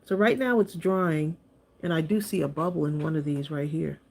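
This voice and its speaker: A craft channel host hosts a live crafting stream, chatting with viewers and laughing often as she demonstrates supplies. Her voice sits low and is gravelly and a little mellow, at a normal speed.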